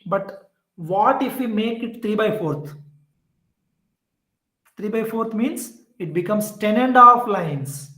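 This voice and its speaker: A man with an Indian English accent teaching a poetry lesson, explaining slowly and repeating points with many fillers. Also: high-pitched, expressive, sharp tone, echoey room, poor audio. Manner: slow, repetitive explaining with fillers. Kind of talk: classroom lecture on poetry.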